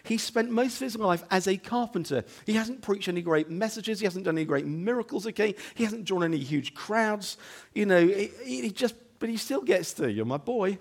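A man preaching a sermon as the pastor of his church, talking conversationally with rhetorical questions and "okay?" asides, dropping to hushed lines and rising to loud emphatic ones. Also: moderate pace, hardly any pauses. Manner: swings between hushed low moments and loud emphatic stretches. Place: church building.

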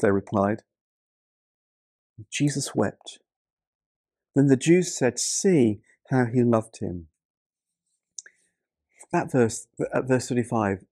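A man preaching a sermon with a gravelly, mellow voice. He speaks earnestly, often doubling words as he restarts a thought. The sound is dry and close, with no room around it. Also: mid-range voice, dry recording.

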